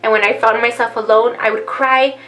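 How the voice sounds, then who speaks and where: Earnest, soft-spoken woman vlogger, fairly high voice. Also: fairly even intonation, poor audio. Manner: earnest, heartfelt, rambling, addresses viewers as "you guys"; soft, slow delivery near tears. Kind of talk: personal vlog talk to camera. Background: faint background music.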